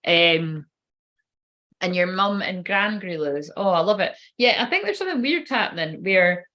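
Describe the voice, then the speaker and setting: A woman's voice: medium pitch, a bit bright. Chatty woman reading cards. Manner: chatty, rambling, swears casually. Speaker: tarot card reader. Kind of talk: casual livestream card reading.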